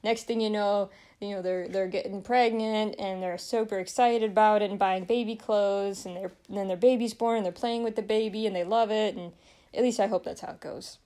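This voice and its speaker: A young woman in easy, unscripted chat, her voice sitting at an ordinary middle pitch. She rambles from thought to thought with plenty of fillers and laughs often as she talks. The tone is relaxed and conversational. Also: brisk. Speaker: vlogger reviewing a film. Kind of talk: casual chat.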